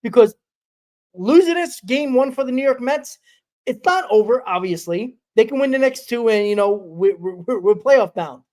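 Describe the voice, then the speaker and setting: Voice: medium pitch, expressive, normal speed, a little mellow. Rambling sports stream host. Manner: rambling, repeats himself. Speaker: podcast host. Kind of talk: casual sports talk.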